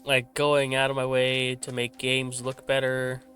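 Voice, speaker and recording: Speaking through a simply filtered desk microphone, a gaming channel host rambles casually as he plays, with self-corrections and a slight stutter. His medium-pitched voice is monotone, pushed and bright, at a measured pace, with faint music behind him.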